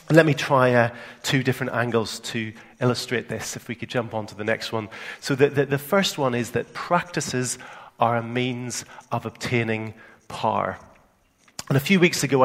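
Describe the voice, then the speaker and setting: A man's voice: mid-range voice, a bit bright. Northern irish guy preaching, chatty, repeats himself a lot, mid voice, echoey hall. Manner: conversational, repeats words when starting a phrase. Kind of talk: sermon. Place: church hall in England.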